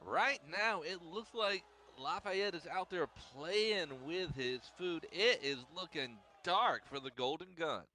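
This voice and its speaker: A man giving color commentary on a wrestling match in a fairly high, bright voice. His remarks are wry and jokey, with a faint hiss under the sound. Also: animated, slow, few pauses.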